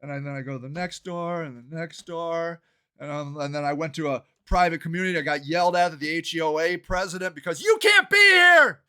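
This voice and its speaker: An older man, a local activist and council candidate, ranting angrily and swearing in a shouting monologue. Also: on the high side, lively intonation, clear, resonant tone. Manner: shouting, swearing, fast and agitated. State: angry and worked up.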